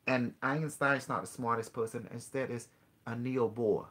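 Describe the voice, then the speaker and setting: A man hosting a call-in show, earnestly explaining ideas in halting, non-native English, with many restarts and rhetorical questions. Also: mid-range voice, steady tone, fairly bright tone. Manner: earnest explaining, mixes in quoted dialogue with a device. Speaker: host.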